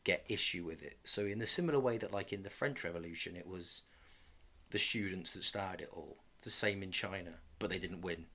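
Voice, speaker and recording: A man's voice: sits low, brisk, bright, forceful tone, slight background noise. A man co-hosting a casual chat, rambling and correcting himself as he goes. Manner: rambling, chatty, self-correcting. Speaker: podcast co-host.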